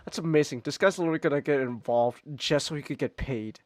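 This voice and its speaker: A man streaming a game in casual chat, excitable, exclaiming and stammering as he plays. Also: a little high, fast, dry recording.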